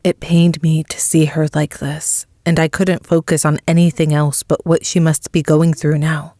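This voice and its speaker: A woman narrates a story in the first person, reading slowly and with measured emotion. Her voice is low and the recording is dry, close and free of room sound. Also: little pitch movement, dark tone, no room sound. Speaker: audiobook narrator.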